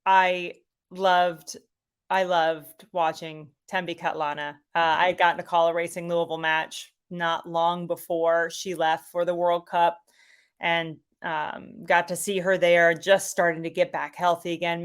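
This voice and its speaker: Her voice is smooth and fairly low, and she talks a little slowly. She's a middle-aged soccer commentator chatting as a guest in a casual interview, animated and enthusiastic, with many fillers.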